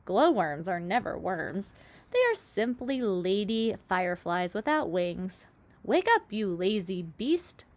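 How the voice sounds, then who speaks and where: A woman voicing a loud, boastful male centipede who shouts at the others in a storybook reading. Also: mid-range voice, lively intonation, slow. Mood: lecturing.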